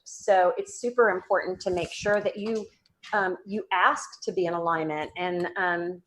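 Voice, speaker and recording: A woman's voice: fairly low pitch, normal speed, slight background noise, low-quality recording. A woman with a Southern US accent, a guest psychic medium speaking earnestly and spiritedly about healing in a casual interview. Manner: earnest, spiritual, animated with restarts.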